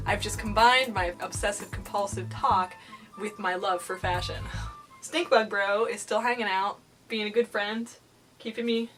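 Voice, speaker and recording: A young woman talking casually to camera, animated and giggly, often slipping into silly voices. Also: mid-range voice. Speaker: vlogger.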